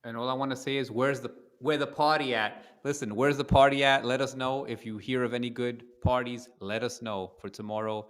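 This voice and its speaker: A man's voice: mid-range voice, steady tone, fairly quick, hardly any pauses, a bit bright, clear, resonant tone. A man co-hosting a casual political livestream, talking in a brash, crude, joking way. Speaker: livestream co-host.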